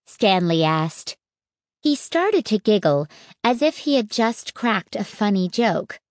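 A woman narrates a storybook in the first person with a steady, unhurried delivery. Her voice is mid-pitched and sounds close and dry, with no room around it. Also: no echo. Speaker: audiobook narrator.

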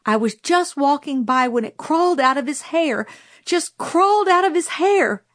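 A woman reading aloud voices a frightened young woman teacher, shrill and desperate. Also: expressive, moderate pace, dry recording, clean studio sound. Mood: panicked.

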